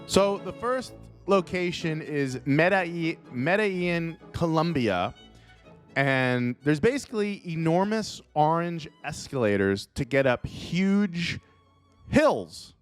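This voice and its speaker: Upbeat comic host, smooth voice with a bouncy, lively pitch. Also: male voice, takes it slowly, faint music behind. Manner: animated, acts out silly characters. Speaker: comedian host. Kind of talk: comedic commentary.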